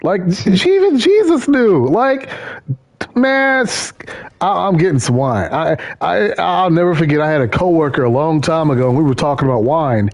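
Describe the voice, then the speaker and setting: Man, fairly high voice, casual rambling chat, stumbles and repeats words, gaming stream host. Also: animated, moderate pace.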